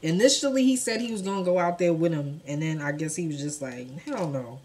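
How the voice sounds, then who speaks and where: A young woman telling a true crime story to her viewers in casual, profane speech, acting out the quotes with sudden jumps in loudness. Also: lowish voice, quick pace, a little hiss or hum. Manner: animated, profane, acts out quotes with big swings in loudness.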